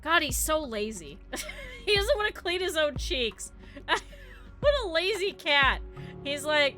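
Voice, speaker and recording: A woman's voice: high voice, very animated, unhurried, long pauses, sharp tone. A woman live-streaming from home, chatting and giggling with her viewers and her cat. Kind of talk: casual live-stream chat. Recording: game music in the background. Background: game music.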